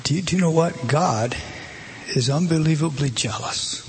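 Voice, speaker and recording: A man's voice: a little high, normal speed, slight background noise. A man preaching a sermon, emphatic and often repeating words as he speaks.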